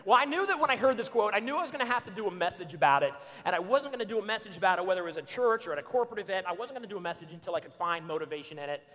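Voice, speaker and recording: A man in his forties telling an animated, joking story to a church congregation. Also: high-pitched, rapid-fire, hardly any pauses. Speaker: speaker. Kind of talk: storytelling sermon. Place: church auditorium. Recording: long hall reverb in a church.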